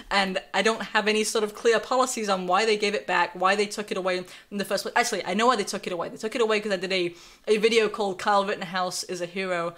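Reading viewer messages out loud, a young North Carolina woman runs a live stream with sarcastic, chatty commentary. Her voice sits on the low side with a fairly bright tone.

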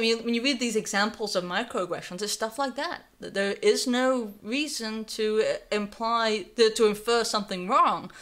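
A woman's voice: on the high side, a bit bright. A young woman with a North Carolina accent hosting a live stream, giving sarcastic, conversational commentary and reading viewer messages aloud. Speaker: livestream host.

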